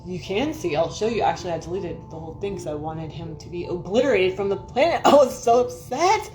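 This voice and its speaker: A woman's voice: fairly low pitch, expressive, fairly quick, over music. A woman hosting a casual livestream, telling rambling stories, swearing freely and talking to her viewers by name. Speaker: livestream host. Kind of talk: casual livestream chat and storytelling.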